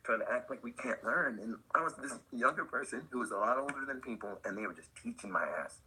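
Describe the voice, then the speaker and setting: A man's voice: medium pitch, fast talker, pushed and bright, slightly rough, low-quality recording. An older man, a skateboard company owner and podcast guest, telling rambling stories in casual conversation with lots of fillers. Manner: rambling, loose and anecdotal with many fillers.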